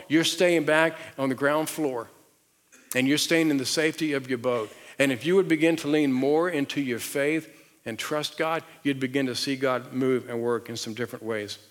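A man's voice: mid-range voice, moderate pace. A middle-aged man with a Southern American accent preaching a sermon as pastor, telling stories and asking the audience questions. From Southern United States. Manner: animated storytelling with rhetorical questions and audience call-and-response. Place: large church auditorium on stage. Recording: long hall reverb.

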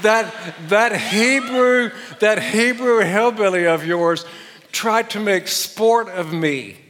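A scheming wife pleading innocence in a raised, theatrical voice, as a preacher puts her on. The delivery is loud and hammy, echoing through a large hall. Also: slow. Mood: melodramatic. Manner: mock-high theatrical pleading.

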